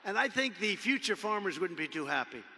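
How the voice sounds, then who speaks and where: A very animated man in his seventies, his voice sitting high, speaks fairly quickly in a bright, forceful tone. He's addressing a convention off the cuff from a podium, rambling and repetitive with emphatic superlatives, in a large indoor arena with long reverb and slight background noise.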